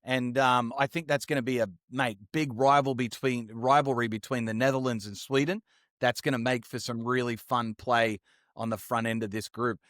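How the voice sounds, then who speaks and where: A man's voice: mid-range voice, fairly even intonation, moderate pace, a bit bright, dry recording, studio quality. A man co-hosting a sports podcast, chatting upbeat and slangy about the week's games. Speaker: podcast co-host. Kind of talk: casual sports chat.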